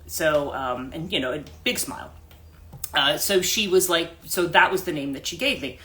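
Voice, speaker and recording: A woman's voice: low-pitched, moderate pace, sharp tone. A woman life coach hosting a livestream, telling a story casually with many restarts and asides, into a phone mic.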